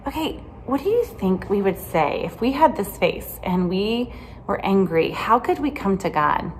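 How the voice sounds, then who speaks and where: A woman teaching a children's Bible lesson in a gentle, chatty way, often checking in with "right?". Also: mid-range voice, lively intonation, unhurried, slight background noise. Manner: gentle, chatty, asks questions with many "right?"s.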